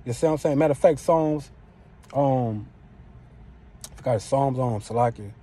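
A man's voice: mid-range voice, moderate pace, warm tone. A man preaching an informal sermon in a profane, street-style way. He keeps throwing in "man" and "you know what I'm saying".

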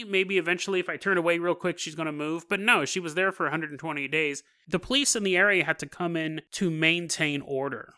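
A man hosting a podcast, telling a strange story with jokes, laughing and acting out little voices as he goes. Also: high-pitched. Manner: animated, joking, acts out voices with laughs. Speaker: podcast host. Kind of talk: comedic storytelling.

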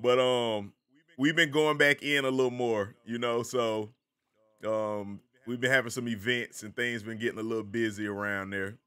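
A man with a Southern American accent hosts a relaxed live stream, greeting viewers by name in a loose, chatty way. His voice is bright and forward, pitched in an ordinary middle range. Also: normal speed, smooth. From American South, the Carolinas. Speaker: game streamer.

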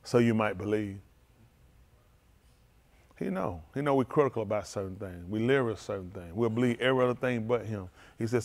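A man preaching a sermon as pastor, in informal, vernacular speech that swings from low murmurs to loud exclaiming. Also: brisk. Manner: speaks in informal, vernacular English.

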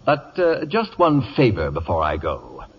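An actor playing a pompous, sardonic male radio celebrity in a 1950s radio play, with a slightly raspy, theatrical delivery, on a dull vintage broadcast recording. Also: sits low, huge pitch swings, measured pace, slight background noise, exaggerated voice. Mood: sly.

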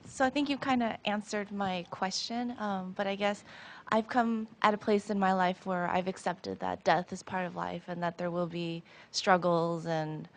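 A woman's voice: mid-range voice, steady tone, moderate pace, hardly any pauses. A woman in the audience asking a question, thoughtful and a little hesitant.

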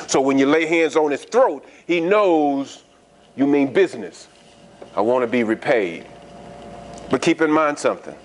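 A male pastor preaches with a fairly high voice that swings widely in pitch. He talks to the congregation, throws them rhetorical questions and repeats words when he restarts. A faint hiss sits under the recording. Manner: animated, conversational preaching with frequent rhetorical questions. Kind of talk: sermon.

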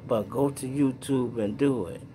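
A man's voice: mid-range voice, normal speed, background noise. A middle-aged man from Chicago with a Chicago accent, telling street stories to his viewers in slang-heavy casual talk. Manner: animated storyteller acting out sounds and voices.

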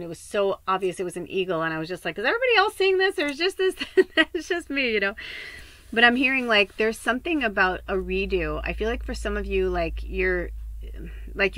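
A woman's voice: lowish voice, a bit bright, no room sound. A middle-aged woman from the Midwest, a psychic medium rambling candidly in a casual spiritual podcast monologue and swearing freely. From American Midwest.

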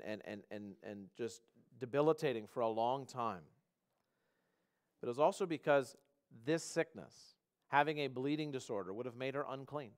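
A man delivers a sermon from a church pulpit with a notably high, clear and resonant voice. He preaches earnestly, repeating words as he gathers his thoughts. He slows right down on the lines he wants to stress. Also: fairly bright tone. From Canada. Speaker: pastor.

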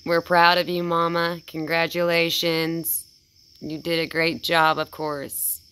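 Low-voiced woman cooing softly. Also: level tone, takes it slowly, clean tone. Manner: coos softly and praises, baby-talk tone. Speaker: vlogger. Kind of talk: casual talk to a wild animal.

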